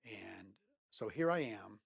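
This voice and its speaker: A man's voice: on the low side, expressive, slow pace, gravelly, husky, no room sound. Man talking earnest and kinda preachy, repeats his phrases, dry close sound. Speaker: podcast co-host. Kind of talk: casual conversation.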